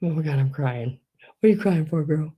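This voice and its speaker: A woman's voice: sits low, lively intonation, brisk, warm tone, slightly rough. A middle-aged woman hosting a live online sale, gushing over collectible figurines and reading out bids in a chatty way. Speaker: live online auction seller. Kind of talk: live-stream sale chat.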